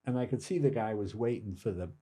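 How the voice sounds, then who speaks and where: An older man, a comedian guest, telling casual anecdotes with quick asides and acted-out quotes. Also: on the low side, warm tone. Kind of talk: casual storytelling.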